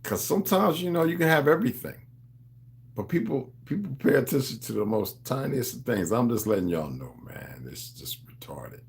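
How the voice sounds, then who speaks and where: This livestream host has a gravelly, medium-pitched voice and a very animated delivery at a moderate pace. In a loose, wandering monologue, he preaches to his audience in street slang and addresses them as beloved.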